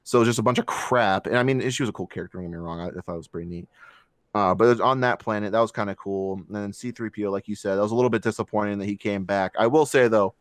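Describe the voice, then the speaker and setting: A man's voice: on the low side, very fast, no room sound, clean studio sound. A man co-hosting a casual movie review podcast, ranting with heavy swearing and mocking voices. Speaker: podcast co-host.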